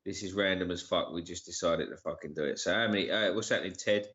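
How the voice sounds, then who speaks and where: A man's voice: low voice, fast talker, a bit bright. A man hosting a casual live stream. He swears a lot and greets viewers by name with slang like geezer and bruv. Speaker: livestream co-host. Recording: dull lo-fi live-stream audio.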